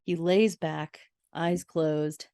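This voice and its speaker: A woman with a low, deep-set voice hosts a rewatch podcast, retelling an episode scene by scene. She reacts out loud as she goes, gasping and exclaiming. The sound is close and dry, with no room around it. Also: extremely slow, clean tone, dry recording. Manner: expressive, gasps and exclaims while retelling. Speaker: podcast host. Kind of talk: episode recap.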